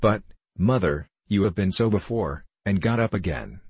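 A man's voice: low-pitched, animated, normal speed, darkish tone, breathy edge, no echo, full character voice. A man reading an earnest teenage boy. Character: earnest fourteen-year-old boy, brave and modest.

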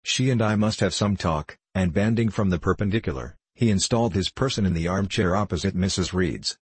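A man narrating a classic novel in a measured, formal reading. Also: deep voice, slightly rough. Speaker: audiobook narrator.

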